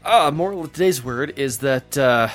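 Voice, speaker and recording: A man co-hosting a casual comedy podcast, goofy and quick to slip into mock voices. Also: mid-range voice, lively intonation, soft background music. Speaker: podcast co-host.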